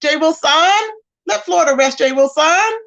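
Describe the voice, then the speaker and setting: High-voiced sassy woman chatting live. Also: expressive, normal speed, fairly bright tone, highs cut off. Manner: chatty, sassy, greets viewers by name. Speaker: livestream host. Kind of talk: casual live chat, reading viewer comments.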